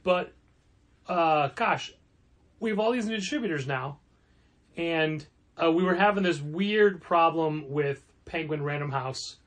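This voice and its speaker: Dry-joking man, slightly higher voice. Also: unhurried, a bit bright. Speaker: comic shop owner and podcast co-host. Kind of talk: casual chat.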